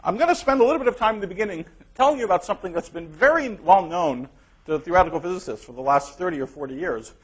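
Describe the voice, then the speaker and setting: A man gives an academic colloquium in a lecture hall, speaking with lots of energy and emphasis. His voice sits fairly high. The recording is dull and lo-fi. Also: fast, slightly rough. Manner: energetic, emphatic, laughing at his own remarks. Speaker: guest lecturer. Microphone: clip-on microphone.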